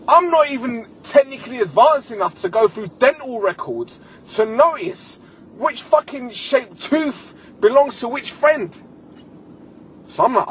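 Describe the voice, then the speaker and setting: A man's voice: very high-pitched, lively intonation, unhurried, a little hiss or hum. A young man hosting a podcast solo, telling a comic, exasperated story with a lot of swearing. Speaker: podcast host.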